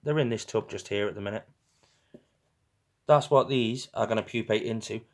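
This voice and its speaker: A lower-pitched male voice at normal speed comes from a young St Helens native hosting a casual live stream. With his northwest English accent, he's talkative and teasing, frequently laughing along with viewers.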